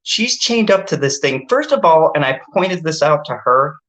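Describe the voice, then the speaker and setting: Lower-voiced woman ranting about a bad movie, cussing, totally fed up. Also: moderate pace. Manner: exasperated, swearing, ranting with animated pitch jumps. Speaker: movie review host. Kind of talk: casual movie review chat.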